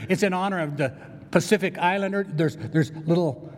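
Animated male pastor in an echoing church. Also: high-pitched, moderate pace. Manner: animated storytelling with playful asides to the congregation. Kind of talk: sermon. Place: church sanctuary. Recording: long reverb from a church hall.

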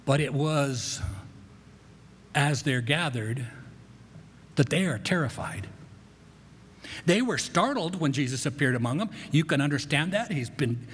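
A man's voice: on the high side, expressive, a little slow, pauses often, fairly bright tone, slight background noise. Folksy preacher man in an echoey hall. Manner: folksy, conversational preaching with repeated words and light humor. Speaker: pastor. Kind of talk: sermon.

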